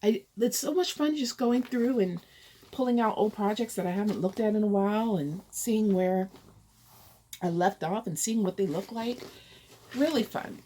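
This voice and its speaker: A woman's voice: medium pitch, normal speed, mellow, slight background noise. A woman chatting casually as she shows her cross-stitch projects, thinking aloud and rambling as she goes. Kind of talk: casual show-and-tell.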